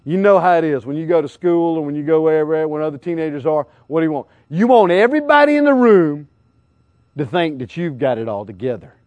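A man's voice: fairly high pitch, a little fast, dry recording, muffled recording. A middle-aged man preaching a sermon as an evangelist, firing questions at his listeners and acting out everyday scenes. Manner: animated, questions the crowd and acts out scenes.

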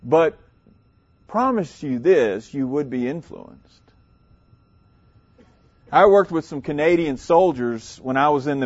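A man from South Louisiana, preaching a sermon with emphatic, drawn-out delivery and dramatic pauses. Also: on the high side, a little mellow, muffled recording.

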